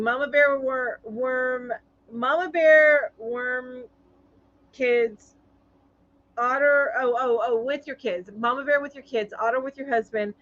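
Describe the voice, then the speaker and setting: A woman's voice: high voice, fairly bright tone, no room sound, muffled recording. A woman hosting a casual live-stream chat, reading viewer comments aloud in a chatty way with lots of fillers.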